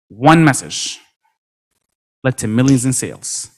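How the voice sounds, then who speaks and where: A man giving an energetic motivational talk at a convention, acting out quoted dialogue with lots of repetition. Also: medium pitch, a little slow, pauses often. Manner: animated, acts out quoted dialogue, many repetitions. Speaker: motivational speaker. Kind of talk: energetic storytelling speech. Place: convention stage.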